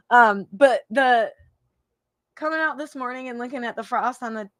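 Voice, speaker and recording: A woman's voice: fairly high pitch, a little slow, fairly bright tone, no echo, clean studio sound. A woman from Michigan, a psychic hosting a live stream, chatting casually and emotionally, laughing often and repeating herself.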